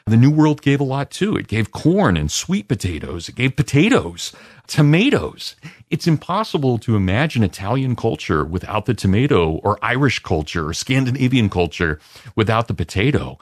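A man answering interview questions as a guest historian, in an expansive, lecturing way with lively emphasis. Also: lowish voice, breathy edge, dry recording, studio quality.

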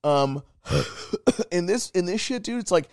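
A man's voice: high-pitched, unhurried, smooth, dry recording, studio quality. A young man co-hosting a podcast, chatting casually with a lot of swearing and joking. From Hastings, Canada. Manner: profane, joking, lively. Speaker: podcast co-host. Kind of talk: casual crude chat.

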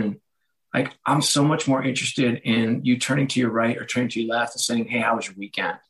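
Brief: hoarse guest man, mid-pitched, casual and animated storyteller, voices his quotes. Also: fast talker, poor audio. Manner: animated, acts out quotes with pitch jumps, laughs. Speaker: guest author.

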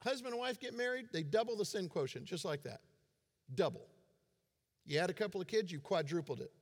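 Male pastor, forties, higher voice, conversational sermon, long echo of a big hall. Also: animated, a little fast. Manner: conversational preaching with self-deprecating humor.

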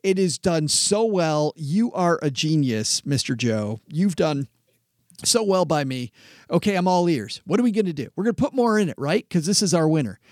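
A man's voice: on the high side, no echo, studio quality, close to an everyday voice. A man voicing a female investment client who gushes over her winning fund and panics when told to sell it. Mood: gushing. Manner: excitable, pleading, quick to panic.

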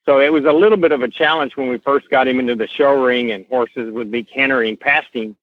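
A middle-aged man with a slow Southern Kentucky accent, telling stories as an interview guest, unhurried with many fillers. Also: medium pitch, fairly even intonation, dry recording. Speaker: guest, horse association president. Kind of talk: casual podcast interview, storytelling. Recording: tinny phone-line sound.

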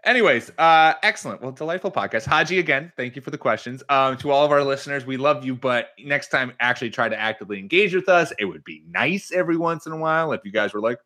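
Male host, Minnesotan accent, lively bright tone, loose jokey delivery. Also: medium pitch, fast, hardly any pauses. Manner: animated, jokey, rambling with restarts. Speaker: podcast host. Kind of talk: casual sports podcast chat.

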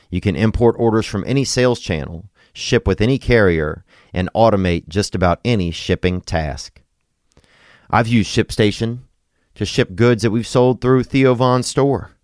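A man's voice: deep voice, darkish tone, dry recording, clean studio sound. A man, hosting a podcast in a laid-back, rambling, joking way. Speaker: podcast host. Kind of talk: casual podcast chat and ad read.

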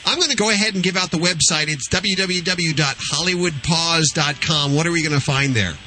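A man hosting a radio call-in show about pets, talking in a relaxed, conversational way. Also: on the high side, fairly quick, slight background noise.

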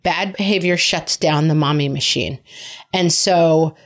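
A woman with a low voice and a measured pace hosts a parenting podcast, answering questions in a casual advice chat. She's frank and chatty, and she likes to poke fun at herself.

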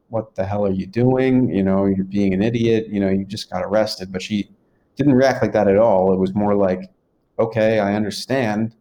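A man's voice: on the low side, warm tone. A man in his twenties telling his story in a rambling, casual way, with many fillers and restarts. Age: 20s. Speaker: guest.

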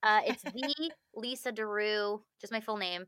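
A woman's voice: mid-range voice, a little slow, smooth, no room sound, clean studio sound. A woman actress, a guest in a casual interview, telling stories animatedly with frequent laughter and acted-out quotes. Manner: animated storyteller, laughs often, acts out quotes.

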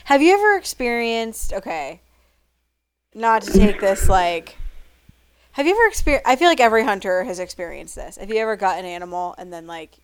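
A woman's voice: fairly low pitch, smooth, no echo. A woman hosting a casual chat, asking rambling questions full of restarts.

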